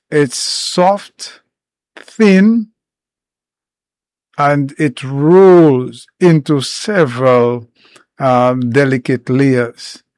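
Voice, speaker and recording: Man, herbal educator, informal explanatory talk, slow pace, dry sound, pauses between points. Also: a little high, no echo. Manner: unhurried, explains step by step with many pauses.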